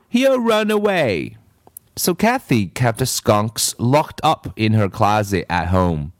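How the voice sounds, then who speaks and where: A man's voice: mid-range voice, dry recording. A man reading a children's story aloud with playful asides to the listener. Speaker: reader.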